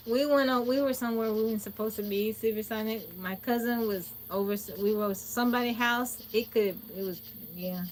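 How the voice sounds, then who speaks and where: A woman's voice: a little high, moderate pace, slight background noise. Chatty woman streaming outdoors at night. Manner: chatty, animated, laughs while telling a story. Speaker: livestream host. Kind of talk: casual storytelling to a live chat. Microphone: phone. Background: crickets and insects.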